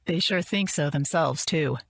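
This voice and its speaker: A woman's voice: deep voice, a little slow, creaky, dry recording, exaggerated voice. A woman voicing a pushy, overfamiliar man flirting at a party, in a smarmy tone.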